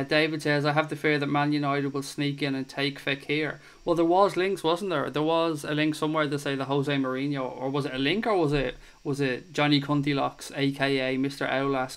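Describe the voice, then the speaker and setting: A young man hosts a laid-back football chat show, reading viewer comments aloud and answering them with easy, sweary banter. His voice is smooth and resonant, sitting at an everyday middle pitch. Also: a bit bright. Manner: chatty and swears freely.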